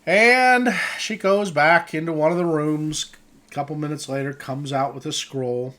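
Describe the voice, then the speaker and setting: The voice is medium-pitched and slow, with a little hiss or hum in the recording. It belongs to a man relaxedly narrating scenes and reading rules as a tabletop game master, chuckling often.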